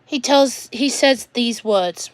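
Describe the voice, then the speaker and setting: A woman talking to her viewers in an emotional rant, upset and close to tears, halting and restarting her sentences. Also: a little high, no echo. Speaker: vlogger.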